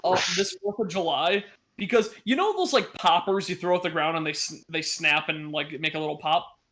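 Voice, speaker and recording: A man's voice: a little high, expressive, normal speed, fairly bright tone. A man co-hosting a podcast, telling rambling stories in casual chat. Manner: rambling storyteller, casual swearing.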